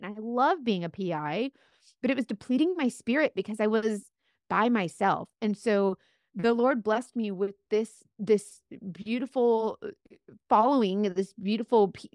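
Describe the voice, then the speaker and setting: A woman guest telling a faith-filled personal story in an earnest, animated way, often saying "like". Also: medium pitch, no room sound, clean studio sound. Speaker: guest, makeup seller.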